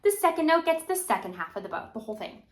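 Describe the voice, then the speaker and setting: A woman's voice: a little high, sing-song, quick pace. A young adult woman teaching violin in a casual, encouraging way. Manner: casual, encouraging, demonstrates while talking. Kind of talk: instructional video talk. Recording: roomy echo.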